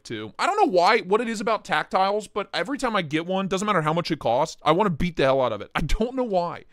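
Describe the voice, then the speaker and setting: A man's voice: a little high, a bit bright, dry recording, clean studio sound. A man hosting a casual live stream, joking and swearing as he greets viewers by name. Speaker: livestream host.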